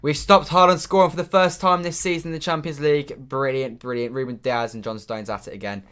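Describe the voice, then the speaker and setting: A young man commentating live on a football match for his stream, muttering between plays and shouting when his team scores. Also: on the high side, a little fast, clear, resonant tone. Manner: excitable, swings from muttering to shouting at goals.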